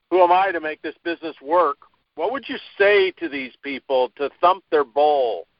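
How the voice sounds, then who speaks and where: A man's voice: mid-range voice, no room sound. A man hosting an interview, asking long, encouraging questions that draw the guest out. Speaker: interview host. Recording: dry, dull lo-fi audio.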